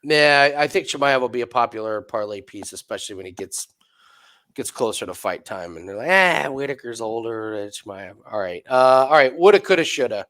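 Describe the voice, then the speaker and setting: A man co-hosting a sports betting show, talking through fight picks in loose, rambling casual chat full of restarts and quick asides. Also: medium pitch, expressive, a bit bright. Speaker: betting podcast co-host.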